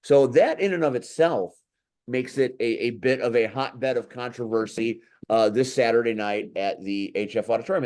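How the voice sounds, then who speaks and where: A man hosting a casual talk show, blunt and quick to swear when he gets heated. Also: medium pitch, a little mellow. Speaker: podcast host. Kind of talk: casual chat.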